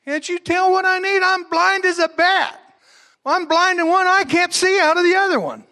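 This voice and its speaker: A man voicing a desperate blind beggar, pleading in a loud, strained shout. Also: very high-pitched, moderate pace, voice pushed up, heavily acted.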